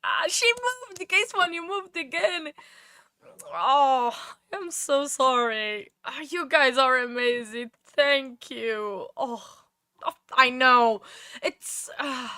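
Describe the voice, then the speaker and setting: A woman's voice: high voice, slow, sharp tone, smooth, dry recording, studio quality. A woman hosting a true crime livestream, chatting casually with viewers and thanking them effusively between frequent laughs. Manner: effusive, often laughing, easily distracted.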